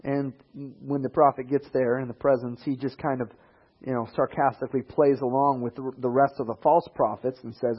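A man preaching a sermon, animated, swinging into quoted voices and rising emphasis. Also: mid-range voice, brisk, husky, dull audio.

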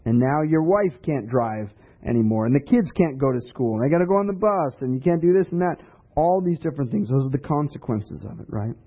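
A man's voice: on the high side, animated, brisk. A man preaching a sermon in a conversational way, asking rhetorical questions. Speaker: pastor. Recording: dull lo-fi recording.

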